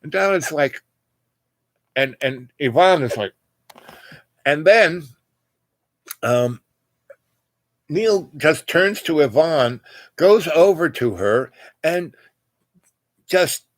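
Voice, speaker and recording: A man's voice: a little high, animated, extremely slow, long pauses, dry recording. An older man telling a long personal story in casual chat, meandering with lots of "you know" and restarts, and acting out other people's voices. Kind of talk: rambling personal anecdote.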